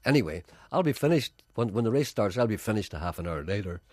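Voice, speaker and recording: A man's voice: on the low side, very animated, quick pace, darkish tone, no echo, studio quality. A man hosting a radio show, teasing and playful in comic banter. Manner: teasing, playful, laughs often. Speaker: radio host.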